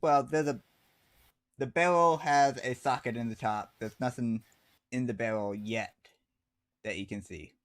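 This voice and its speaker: A man running a tabletop game as game master, describing scenes in a plain, unhurried way. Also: mid-range voice.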